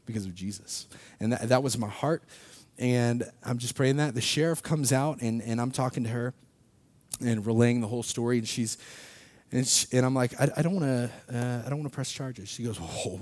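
A young man telling a personal faith story in a casual, animated way, laughing often and acting out what people said. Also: medium pitch. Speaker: speaker sharing a personal testimony.

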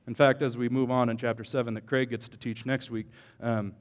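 A man preaching a sermon as a pastor, joking with the congregation and swinging between quiet asides and loud emphatic lines. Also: medium pitch, level tone, a little fast, long reverb tail. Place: church hall.

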